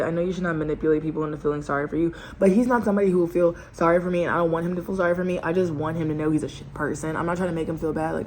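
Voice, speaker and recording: A woman's voice: on the low side, slight background noise, rough recording. A woman vlogging at home with her camera propped up, ranting casually and talking straight to her viewers with slang and laughs. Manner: lively, laughs while ranting. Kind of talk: casual chatty vlog storytime. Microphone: camera propped in front.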